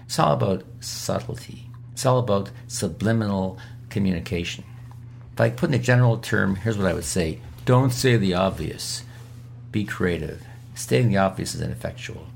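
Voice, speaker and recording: A physician appears as an interview guest, offering emphatic, repetitive coaching advice in instructional answers. His voice is low and gravelly, with slight background noise.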